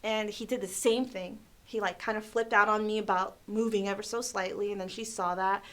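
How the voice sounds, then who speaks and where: A young adult woman hosting a casual livestream, telling stories in an animated way, laughing often and saying "like" a lot. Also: mid-range voice, brisk. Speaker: livestream host. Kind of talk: casual storytelling chat.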